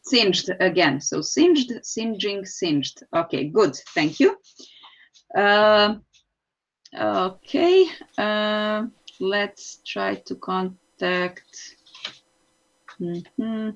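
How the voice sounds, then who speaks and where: A woman's voice: mid-range voice, drawn-out words, pauses often, lo-fi sound. A woman teacher, patiently explaining English spelling rules in an online lesson and calling on students. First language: Serbian.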